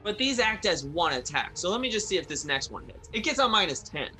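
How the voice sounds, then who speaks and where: A woman player in a tabletop game, excitedly working through dice rolls and rules. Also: on the low side, brisk, over loud music. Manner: excitable, chattering rules talk. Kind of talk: casual tabletop play.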